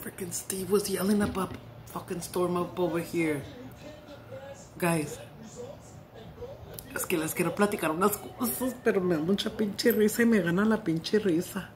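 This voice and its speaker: A woman's voice: lowish voice, normal speed, long pauses, a crowd in the background. A middle-aged woman vlogger chatting casually while eating, telling stories in a salty, profane, giggly way.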